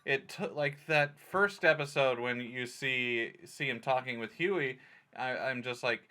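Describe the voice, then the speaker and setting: Guy on a podcast rambling through a show recap, bright voice, lots of uhs. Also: medium pitch, a little slow. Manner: rambling plot recaps with many fillers. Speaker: podcast co-host. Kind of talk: casual chat.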